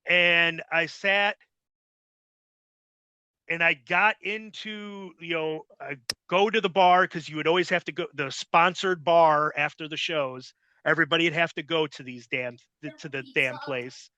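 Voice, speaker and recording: Male host, bright forceful voice, blunt and cursing a lot, dry close sound. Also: fairly high pitch, fairly even intonation, measured pace, clean tone, dry recording, muffled recording. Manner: blunt and heavily profane. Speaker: podcast host. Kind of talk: casual interview storytelling.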